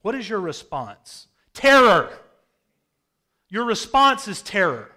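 A male pastor preaching in a storytelling style, his voice sitting a little higher than most men's. He swings from loud, emphatic bursts down to quiet, drawn-in phrases. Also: very animated, unhurried. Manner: storytelling, dramatic swings in loudness. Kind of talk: sermon. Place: rural home with a hayfield.

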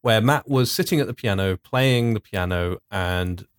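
A man in casual podcast chat, explaining in a measured way with many fillers. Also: lowish voice, clean tone, no room sound. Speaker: podcast co-host.

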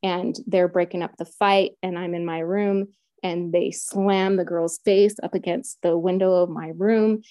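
A woman's voice: on the low side, steady tone, a little slow, warm tone, dry recording, clean studio sound. A middle-aged woman telling her own story in casual conversation, retelling events vividly and acting out quotes.

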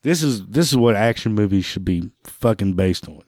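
Heard in clean, echo-free studio audio, a man hosts a talk show with an expressive, darkish voice on the low side at normal speed. Angry and swearing heavily, he rants profanely but laughs every so often between lines.

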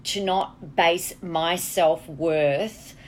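A woman's voice: fairly low pitch, extremely slow. A woman with an Australian accent hosting a casual solo podcast from a hotel, talking candidly and bluntly and swearing freely. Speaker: podcast host, marketing coach.

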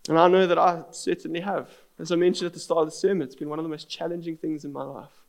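A man's voice: on the high side, flat delivery, quick pace, vocal fry. A man, preaching a sermon as pastor in an earnest, storytelling manner.

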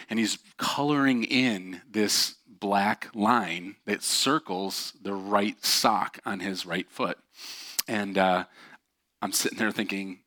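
A man's voice: lowish voice, moderate pace, pushed and bright. A man preaching a sermon, telling a story and acting out the voices of the people in it. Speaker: pastor.

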